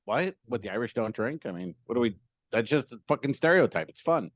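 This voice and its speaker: A man's voice: mid-range voice, lively intonation, fairly quick, no room sound. A man co-hosting a comedy podcast, telling rambling stand-up stories in casual banter and swearing freely. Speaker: podcast co-host and stand-up comic.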